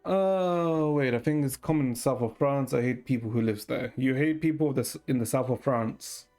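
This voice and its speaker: A man's voice: medium pitch, moderate pace, a little mellow, faint music behind. A man streaming a game, chatting casually with his chat while he plays.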